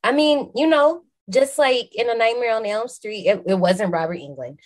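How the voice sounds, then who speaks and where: A woman hosting a podcast, recapping a movie in a lively, slangy, casual way with some swearing. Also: on the high side, normal speed. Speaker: podcast host.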